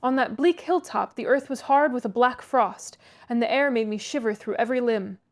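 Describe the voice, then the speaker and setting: A woman reading a classic novel aloud, pausing for chatty asides and laughing at her own stumbles. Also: a little high. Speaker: audiobook reader, read-aloud host.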